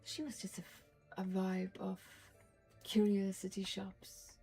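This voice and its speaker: A woman's voice: medium pitch, flat delivery, a little slow, dark tone, soft background music, rough recording. A woman with a Northern Norwegian accent, rambling chattily and swearing as she streams a game. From Norway. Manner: rambling, chatty and profane, mutters asides. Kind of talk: casual gaming commentary.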